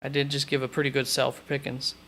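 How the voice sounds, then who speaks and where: A man's voice: medium pitch, monotone, fast talker, a bit bright. A man hosting a live stream, chatting casually and thinking aloud as he answers questions, often correcting himself mid-thought. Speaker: fantasy football host.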